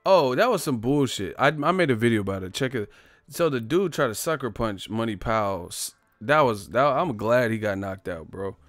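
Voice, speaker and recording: A man's voice: medium pitch, expressive, normal speed, dry recording. A young man hosting a livestream, telling profane stories in a casual comedic rant and reading out names from the chat, close to the mic. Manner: profane, storytelling, reads chat names, laughs loudly. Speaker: livestream host.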